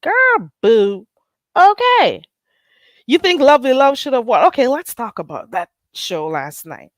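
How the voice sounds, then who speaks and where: Animated woman livestreaming, getting sick. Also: a little high, fairly quick, no room sound. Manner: animated, swings into patois, swears freely, laughs often. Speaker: livestream host. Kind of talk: casual livestream chat.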